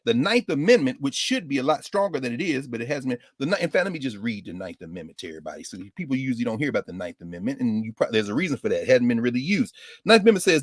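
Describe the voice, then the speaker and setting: A man giving a civics lecture with comic asides, animated and sardonic. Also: mid-range voice, rapid-fire, no echo, clean studio sound. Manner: animated, sardonic, slips into mock voices.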